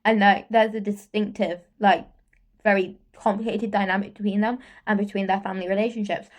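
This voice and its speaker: A woman's voice: mid-range voice, steady tone, brisk. A woman reviewing a book in a casual vlog, gushing and repetitive, tagging "okay?" onto her sentences.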